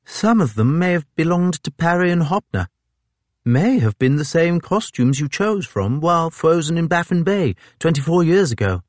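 A man's voice: a little high, sing-song, normal speed, dry recording, pitched above the performer's own voice. A man voicing a nervous, earnest naval captain with a slight lisp, speaking eagerly and a bit hurriedly in an audiobook. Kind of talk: audiobook character voice.

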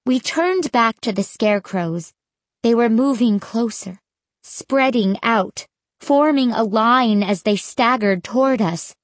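A woman narrating a first-person storybook in a measured, suspenseful way. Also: a little high, no echo. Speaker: audiobook narrator.

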